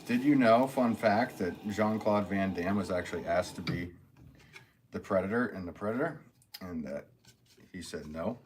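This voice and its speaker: A man's voice: low voice, moderate pace, a little mellow, a little hiss or hum. A man hosting a casual live stream as a potter, chatting and joking as he answers viewer comments with a laugh.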